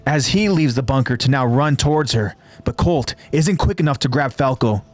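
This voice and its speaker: A man who hosts a podcast, retelling an anime episode scene by scene in a steady, descriptive way. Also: mid-range voice, moderate pace, no room sound. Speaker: podcast host.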